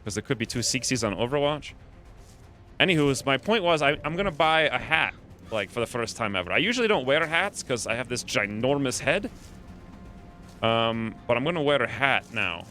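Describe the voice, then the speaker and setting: A man's voice: medium pitch, lively intonation, moderate pace, bright, forceful tone, soft background music. A man giving playful live commentary while streaming a game, coining silly nicknames as he plans each move.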